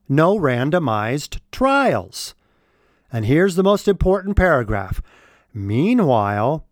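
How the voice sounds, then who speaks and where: A man with a fairly high, lively voice delivers opinion commentary, hammering his points with emphasis and repetition. He speaks slowly and deliberately. The recording is dry and close. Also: no echo. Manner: emphatic, repeats key words for stress. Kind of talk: opinion commentary, reading from a report.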